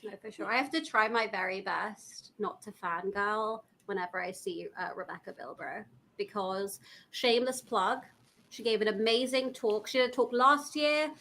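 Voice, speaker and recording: A woman's voice: mid-range voice, moderate pace, a bit bright, a little hiss or hum, poor audio. A woman with a mid-range voice chats on a live podcast panel recorded at a conference. She talks in a casual, upbeat way, with a few fillers along the way. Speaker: podcast co-host.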